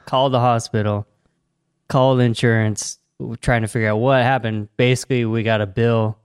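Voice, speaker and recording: A man holds the floor in casual podcast chat, spinning an animated story and laughing often. His voice is smooth and clear. It sounds dry and close to the mic. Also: mid-range voice, moderate pace, no room sound. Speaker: podcast co-host.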